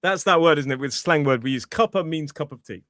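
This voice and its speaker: A man with a British English accent, chatting as a podcast co-host and English teacher in an animated way, exclaiming and laughing. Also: a little high, brisk, no room sound, clean studio sound. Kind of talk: casual chat.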